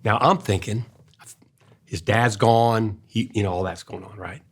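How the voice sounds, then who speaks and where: An older man, telling an earnest personal story in a casual way, going soft and hushed when he quotes his own gentle words. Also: lowish voice, measured pace, husky. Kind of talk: casual storytelling in a faith-based talk.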